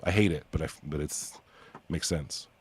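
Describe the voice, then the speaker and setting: Deep-voiced rambling podcast host. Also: male voice, moderate pace, husky. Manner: rambling with many fillers, excitable bursts. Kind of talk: casual chat.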